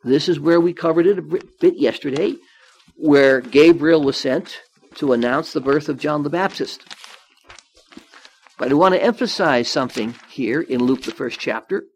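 A man giving a Bible study sermon, reading scripture aloud and then explaining it in his own words, with some restarts. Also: on the high side. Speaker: Bible teacher.

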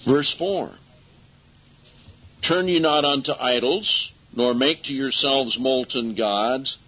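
A man preaching a sermon and reading scripture aloud, emphatic, slowing down to stress key phrases. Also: mid-range voice, slightly rough. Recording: dull lo-fi recording.

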